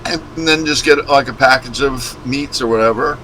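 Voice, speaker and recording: A man's voice: medium pitch, moderate pace, a little hiss or hum, poor audio. A man co-hosting a casual live stream, rambling and joking. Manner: rambling, jokey, animated. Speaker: co-host.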